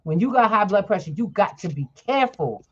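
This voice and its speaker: A woman's voice: mid-range voice, a little fast, slightly rough. Chatty woman host, lo-fi sound. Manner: lively, chatty, laughs often. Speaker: podcast host. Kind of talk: casual chat, storytelling.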